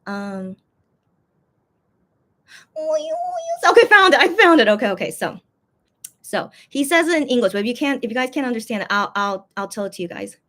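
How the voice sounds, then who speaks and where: A woman's voice: medium pitch, animated, quick pace, a bit bright. A woman hosting her own channel, chatting casually to viewers in a rambling way, full of fillers and restarts. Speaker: fan vlogger, channel host.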